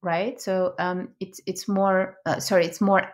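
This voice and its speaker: A woman appears as a podcast guest and product expert, explaining her field in an interview, often tagging points with "right?", correcting herself as she goes, and laughing easily. Her voice is medium in pitch, level in tone, and measured in pace.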